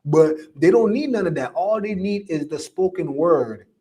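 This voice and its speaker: A man's voice: fairly high pitch, animated, normal speed, dark tone. A man hosting a live stream, reading viewer comments and preaching his opinions with emphatic, repetitive stress.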